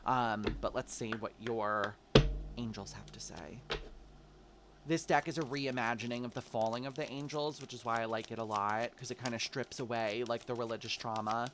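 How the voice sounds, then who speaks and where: A man's voice: medium pitch, steady tone, fairly quick, hardly any pauses, noisy background. A man giving a casual, upbeat tarot reading, encouraging the listener and calling them babe. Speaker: tarot reader.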